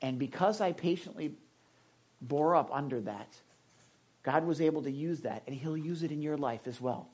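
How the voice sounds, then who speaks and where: A man delivers a sermon with a husky, breathy edge. He preaches in a lively, talk-to-the-congregation manner, stumbling over and repeating words, then bursting into loud, emphatic lines. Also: a little high, normal speed, muffled recording. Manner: animated preaching with conversational asides and emphatic outbursts; frequent restarts and repeated words. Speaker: pastor.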